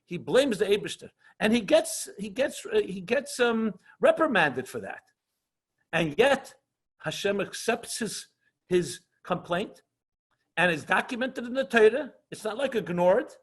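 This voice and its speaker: A man teaching an online class as a rabbi, earnest and passionate, often slowing down for emphasis and mixing Hebrew and Yiddish terms into English. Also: sits high, animated, slightly rough. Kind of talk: lecture with questions and answers.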